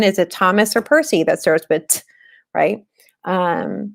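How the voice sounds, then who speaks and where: A woman in her thirties explains things in a loose, conversational teaching style, full of "um" and "you know". Her voice sits a little lower than most women's. It sounds like a talk given over a computer mic in a webinar. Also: gravelly. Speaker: webinar presenter on teaching reading. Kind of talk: casual instructional talk.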